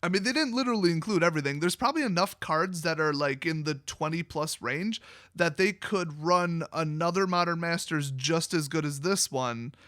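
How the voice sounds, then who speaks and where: A man's voice: a little high, moderate pace, fairly bright tone, no room sound, studio quality. A young man from Wisconsin giving blunt, sarcastic solo commentary as a card game video host.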